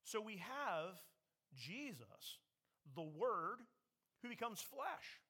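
A man preaching a sermon from the pulpit of a church, earnest and conversational, slowing down and suddenly pushing loud to stress a point. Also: high-pitched, very animated, breathy edge. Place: church sanctuary.

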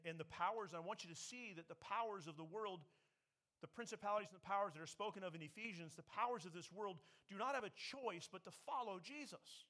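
A man's voice: high voice, bright, forceful tone. A man preaching a sermon, emphatic, raising his voice when he quotes scripture. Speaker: pastor.

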